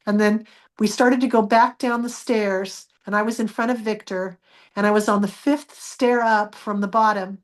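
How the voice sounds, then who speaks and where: A woman's voice: medium pitch, steady tone, moderate pace. A woman guest in an interview, earnestly telling a personal story and acting out the dialogue she remembers.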